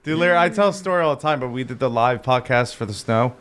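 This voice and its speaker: A man's voice: mid-range voice, expressive, fast talker, a bit bright, a little hiss or hum. A man hosting a podcast in a home room, chatting casually in a crude, profane way. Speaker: podcast host. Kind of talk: casual chat.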